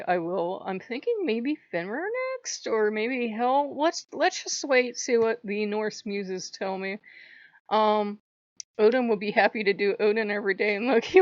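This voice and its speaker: A woman tells a spiritual story in a loose, animated vlog monologue, laughing, swearing freely and slipping into the voices of the people she quotes. Her pitch sits right in the middle for a woman. The recording is dry and a little dull, as if from a modest mic in a small space. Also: no room sound. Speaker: channel host.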